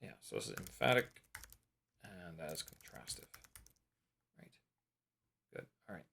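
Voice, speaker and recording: A man's voice: low voice, very animated, measured pace, gravelly, a bit bright, slight background noise. A man teaching English, reading his course notes aloud in a casual study vlog, thinking aloud and muttering self-mocking remarks as he checks his answers.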